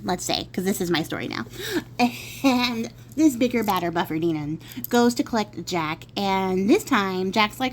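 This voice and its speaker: A woman's voice: medium pitch, lively intonation, a little slow, slight background noise. A woman telling a folk tale in a casual, chatty way, with playful asides. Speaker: storyteller. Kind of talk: casual spoken storytelling.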